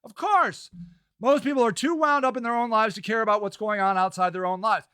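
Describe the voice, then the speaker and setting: A middle-aged man with a very high, bright, forceful voice, recorded dry and close. He hosts a live stream, answering chat with sarcastic, profane rambling. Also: steady tone, quick pace, smooth, dry recording.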